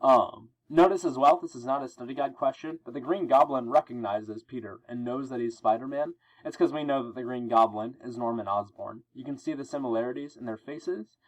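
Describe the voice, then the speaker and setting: A male teacher reading through a comic book with his class and explaining it in a relaxed way. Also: mid-range voice, fairly quick, few pauses, rough recording. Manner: explanatory, relaxed, many fillers.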